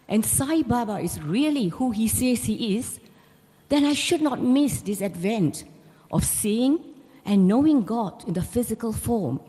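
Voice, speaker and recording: A woman's voice: fairly high pitch, mellow. A middle-aged woman giving a devotional talk, telling her personal story in an earnest, storytelling way. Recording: long reverb of a large hall.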